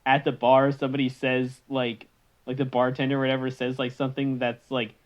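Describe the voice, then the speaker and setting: A man's voice: medium pitch, monotone, brisk. A man co-hosting a podcast in casual chat, loose and laughing, sometimes slipping into goofy voices. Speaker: podcast co-host. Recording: slightly dull lo-fi mic.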